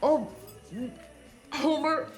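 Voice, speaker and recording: A wry, know-it-all wife from a horror comedy film. She corrects people in a calm, matter-of-fact way. Her voice sits high and bright, over faint music. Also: very slow. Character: sensible, dry-witted wife in a horror comedy.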